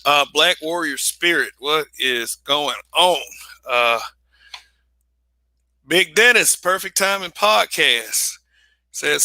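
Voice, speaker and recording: A young man hosts his own livestream and talks straight to the camera in an unpolished, profane way, often doubling back on his words. His voice is strikingly bright and cutting, sitting a little high. The sound is dry and close, with no room echo. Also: expressive, takes it slowly, pauses often. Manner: blunt and profane, with frequent restarts and repeated phrases. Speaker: livestream host. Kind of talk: casual livestream commentary.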